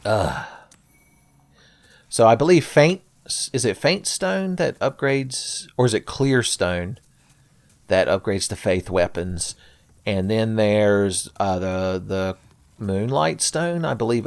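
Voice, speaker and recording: A man's voice: fairly low pitch, lively intonation, slow pace, vocal fry, dry recording. A man narrating a Let's Play, sarcastic and profane, with frequent jokes aimed at his viewers. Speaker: gameplay commentator.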